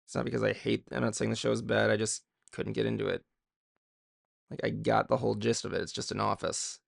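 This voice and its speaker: Gravelly rambling man. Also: fairly low pitch, little pitch movement, brisk, no room sound, studio quality. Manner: rambling, mutters to himself while drawing. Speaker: drawing vlogger. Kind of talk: casual chat while drawing.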